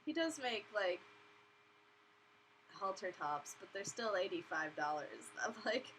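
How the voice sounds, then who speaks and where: A woman's voice: medium pitch, very animated, a little slow, noisy background. A young woman hosting a casual live stream from her bedroom, chatty and giggly, talking through her webcam mic. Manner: chatty, giggly, acts out voices of others in quotes.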